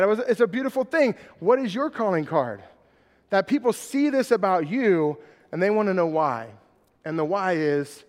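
High-voiced man preaching in a hall. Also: expressive, a little fast. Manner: conversational, often asks "right?". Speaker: pastor. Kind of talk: sermon. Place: church hall.

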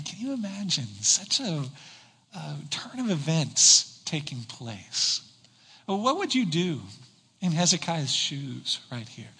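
Earnest high-voiced man preaching in a hall. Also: bright, forceful tone, breathy edge. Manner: earnest preaching, slows down for emphasis, rhetorical questions. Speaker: pastor. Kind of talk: sermon. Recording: reverberant hall.

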